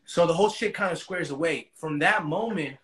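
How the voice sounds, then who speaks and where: A man's voice: fairly high pitch, fairly quick, a bit bright. A man as an interview guest, retelling a story in casual, profane slang.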